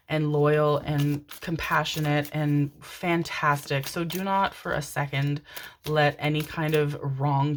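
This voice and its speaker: A woman's voice: sits low, slight background noise. A woman doing a pick-a-card tarot reading, gushing and affectionate, calling listeners her darlings and rambling with many fillers. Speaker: tarot reader.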